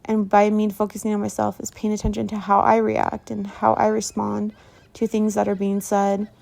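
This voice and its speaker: A woman talking in a casual diary-style vlog, rambling softly and trailing off with fillers, a little stuffy from allergies. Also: mid-range voice, monotone, normal speed, creaky. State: runny nose from allergies. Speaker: meditation vlogger.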